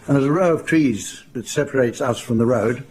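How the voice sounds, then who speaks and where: An older man from England telling wry, dry family anecdotes in an unhurried storytelling style. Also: mid-range voice, darkish tone, husky. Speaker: raconteur. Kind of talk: anecdotal storytelling to a live audience.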